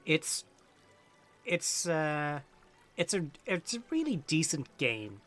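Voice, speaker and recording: A young man streaming a game and talking casually to chat, excitable and swearing freely in his asides. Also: on the high side, slow, soft background music. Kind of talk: casual gameplay commentary.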